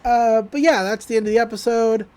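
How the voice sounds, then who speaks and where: A podcast co-host talks through a cartoon episode in an animated retelling, with giggles along the way. The voice sits at a middling pitch. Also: brisk.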